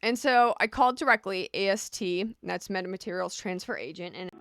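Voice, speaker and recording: A woman's voice: medium pitch, brisk, fairly bright tone, no echo, clean studio sound, faint music behind. A woman vlogging casually, explaining things chattily and often repeating a rhetorical "right?".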